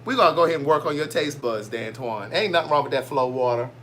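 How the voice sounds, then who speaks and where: A man's voice: medium pitch, fast talker, fairly bright tone, slight background noise. A man hosting a casual livestream, chatty and playful as he reads out viewer comments. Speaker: livestream host.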